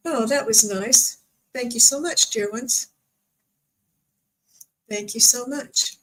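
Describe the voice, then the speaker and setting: A woman hosting a live-streamed spiritual reading as a psychic medium, speaking softly and gently and drawing out her words. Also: on the high side, slow pace, long pauses, poor audio.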